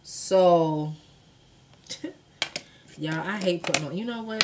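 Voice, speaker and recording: A young woman telling a true crime story to her viewers in casual, profane speech, acting out the quotes with sudden jumps in loudness. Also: lowish voice, slow, pauses often, a little hiss or hum. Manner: animated, profane, acts out quotes with big swings in loudness.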